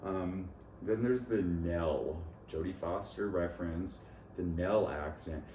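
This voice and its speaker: A man's voice: low-pitched, unhurried, mellow. A man talking alone in a rambling, jumpy way about accents and his language lessons, laughing at his own jokes. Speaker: vlogger. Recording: echoey room, far from mic, noisy.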